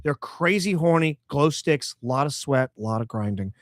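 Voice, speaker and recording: A man's voice: on the high side, animated, normal speed, no echo, clean studio sound. A man co-hosting a podcast, joking crudely in casual chat. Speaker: podcast co-host.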